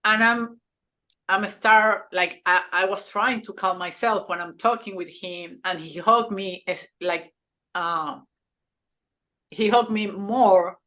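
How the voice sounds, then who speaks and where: A woman in her thirties or forties, a podcast co-host, telling a personal story in an earnest, halting way, in non-native English with grammar slips and frequent restarts. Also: mid-range voice, bright, forceful tone.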